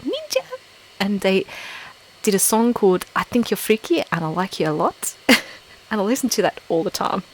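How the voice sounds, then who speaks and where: An English woman chatting loosely on a live stream into a close microphone, her voice sitting at an ordinary middle pitch. She laughs often and leans on filler words, with a self-deprecating, rambling manner. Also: normal speed, rough recording. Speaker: ASMR channel host on a live stream. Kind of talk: casual live-stream chat with viewers.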